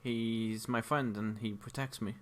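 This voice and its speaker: A man's voice: fairly low pitch, steady tone, unhurried, a bit bright. A man doing a wary, guarded little girl.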